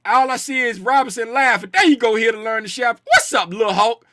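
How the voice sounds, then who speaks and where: Very high-pitched and fairly quick, this man hosts a relaxed market live stream as a trading streamer. Playful and animated, he jokes with chat in slang, calls out usernames, yells snippets of their messages, and says things more than once for emphasis.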